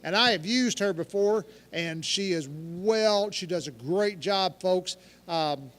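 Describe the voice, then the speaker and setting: Folksy high-voiced man calling bids. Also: fairly bright tone, long reverb tail. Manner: folksy, joking, rattling off bids. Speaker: auctioneer. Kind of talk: local radio auction calling.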